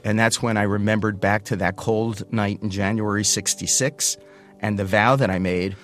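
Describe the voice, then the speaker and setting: A man in his sixties tells a personal story, his voice sitting on the low side. He is animated and acts out the people he describes. Soft guitar music plays faintly underneath. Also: normal speed.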